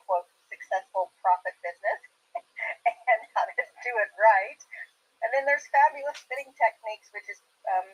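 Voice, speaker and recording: A woman's voice: medium pitch, breathy edge, poor audio. A woman introducing herself as an online sewing teacher in an upbeat, humorous way on a video call. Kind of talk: casual self-introduction.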